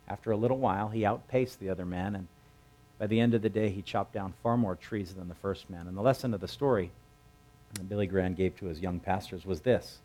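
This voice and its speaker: A man preaching a sermon, retelling a scripture story conversationally and acting out the characters' lines with lively raised voices. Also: fairly low pitch. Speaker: pastor.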